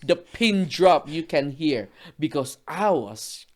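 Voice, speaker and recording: A woman's voice: deep voice, expressive, slow, a little hiss or hum. Non-native English-speaking woman, emphatic ranting storyteller, laughs often. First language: not English. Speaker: guest. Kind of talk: animated storytelling.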